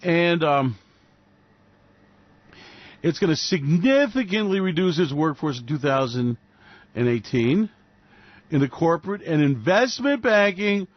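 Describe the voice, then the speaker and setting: A man's voice: on the high side, husky, no echo, dull audio. Sarcastic, foul-mouthed male radio host. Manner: sarcastic, profane, mocking. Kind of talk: solo financial commentary rant.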